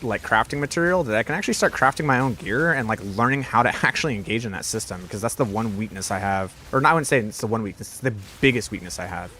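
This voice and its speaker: A man's voice: mid-range voice, fairly bright tone, slight background noise. A young man live-streaming a game, chatting casually with his viewers, rambling and swearing often.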